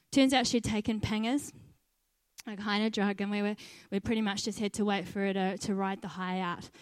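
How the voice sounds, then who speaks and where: An earnest woman, a volunteer team leader, delivers a personal testimony as a story, laughing at herself at times. Her mid-range voice is darkish, clear and resonant, captured in a dry, close recording with no room sound.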